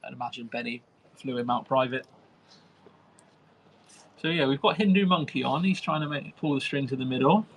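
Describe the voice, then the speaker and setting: A man giving play-by-play on an amateur football match in a dry, wry tone. His voice sits at an ordinary mid pitch, and there is a faint hiss of background noise. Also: normal speed, long pauses. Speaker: match commentator. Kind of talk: play-by-play commentary.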